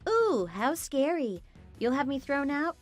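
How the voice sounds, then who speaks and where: A woman's voice: high voice, animated, normal speed, soft background music. A woman voicing a young daughter-in-law in a dramatized story, blunt and talking back. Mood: defiant. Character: young wife, worn down then defiant.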